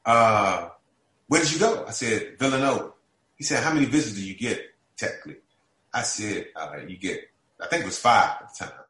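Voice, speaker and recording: Man, former basketball player, animated storyteller, acting out quotes, echoey room. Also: fairly low pitch, brisk. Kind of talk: storytelling in a group conversation.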